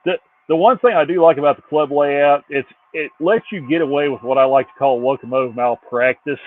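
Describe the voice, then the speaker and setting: A man's voice: a little high, a little fast, a little hiss or hum. A man chatting casually as a guest, telling stories with dry humor. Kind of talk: casual chat. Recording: tinny phone-like line.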